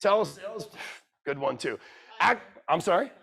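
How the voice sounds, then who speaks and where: A man with a high-pitched voice delivers a motivational speech to a room of listeners. He is blunt and profane and keeps firing questions at the crowd. He drops from loud urging into quiet, emotional storytelling. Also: expressive, unhurried, creaky. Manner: blunt, swears freely, quizzes the audience. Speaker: keynote speaker. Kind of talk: motivational speech to a live audience.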